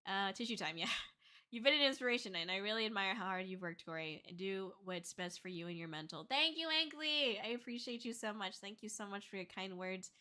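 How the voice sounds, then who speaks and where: A young woman streamer chatting casually with her viewers, soft and emotional, teary after crying and laughing between thank-yous. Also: mid-range voice, brisk. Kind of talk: casual livestream chat reading comments.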